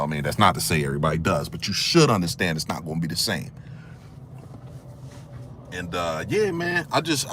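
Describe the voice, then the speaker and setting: A man from the area, giving casual spoken commentary, firing off rhetorical questions in loose slangy talk, his voice swinging from a low murmur to excited high notes. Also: slight background noise. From Philadelphia area. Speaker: vlogger.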